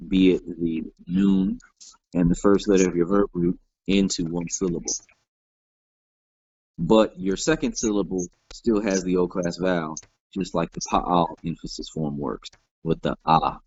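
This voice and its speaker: A man with a very low voice teaches a grammar lesson at an unhurried, deliberate pace. He explains each form patiently and checks in with the class as he goes. The recording is dry and somewhat dull, lacking clarity. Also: a little mellow, no echo. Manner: patient, explains step by step, many "all right" fillers. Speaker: Hebrew teacher.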